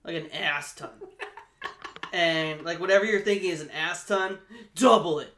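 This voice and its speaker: Male podcast co-host, brightish and a bit high, loose and profane, echoey room. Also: normal speed, a little hiss or hum. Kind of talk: casual beer-tasting banter.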